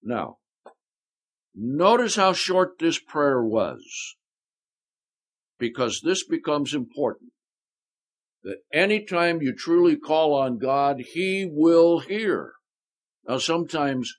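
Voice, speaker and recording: An older man of mid pitch preaching a sermon. He teaches from scripture in a relaxed, chatty way and drops in folksy asides.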